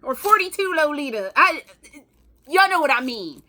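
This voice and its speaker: A young woman vlogging an unboxing in a casual, excitable way, swearing freely and gushing over what she finds. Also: sits high, normal speed. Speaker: fashion vlogger. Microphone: camera with ring light.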